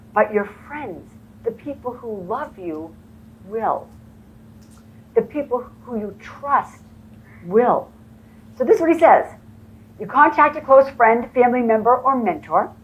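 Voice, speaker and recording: A woman's voice: fairly high pitch, expressive, measured pace, pauses often, highs cut off, a little hiss or hum. A woman training real estate agents, telling stories and acting out the dialogue in a motivational presentation. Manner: storytelling, acts out quoted dialogue. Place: conference room before a live audience.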